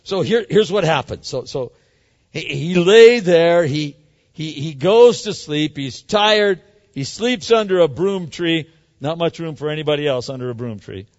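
A man preaching a sermon in an animated way, swinging from loud, emphatic lines to hushed ones. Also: on the high side, measured pace. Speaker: pastor. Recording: dull sound in a large hall.

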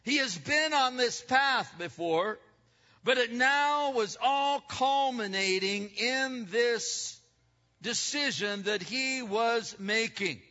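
An older male pastor delivers an emphatic sermon, his high, bright voice rising to loud declarations and falling to hushed asides. The recording is dull and lo-fi, with a long reverb trailing through a large church hall. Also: lively intonation, takes it slowly.

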